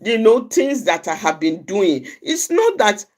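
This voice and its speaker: A woman's voice: medium pitch, sing-song, a little slow, darkish tone. A middle-aged woman from Nigeria giving an informal advice talk, often repeating and restarting her phrases and acting out little quoted exchanges. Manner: repetitive, restarts phrases, acts out quoted dialogue. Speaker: outreach speaker.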